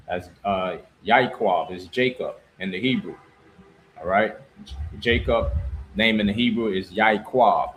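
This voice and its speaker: A man teaching scripture, reading verses slowly and pausing to explain and repeat words. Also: on the low side, a bit bright, slight background noise, rough recording. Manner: slow, deliberate reading with pauses and repeated words. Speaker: religious teacher.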